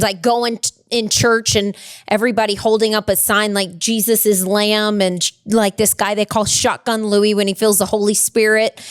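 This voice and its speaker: A woman guest telling a family story in casual chat, animated and laughing, with many fillers. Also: mid-range voice, clear, resonant tone, no echo. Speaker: podcast guest.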